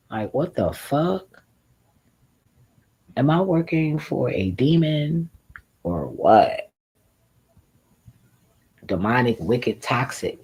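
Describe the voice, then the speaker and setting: Animated, profane woman ranting casually. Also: very deep voice, breathy edge, low-quality recording. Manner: animated, profane, laughs often. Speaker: streamer.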